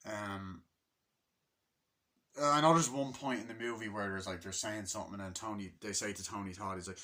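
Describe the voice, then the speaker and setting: A man's voice: fairly low pitch, a little fast, bright, forceful tone. A man giving a casual, rambling movie review, swearing freely and loosely chatty.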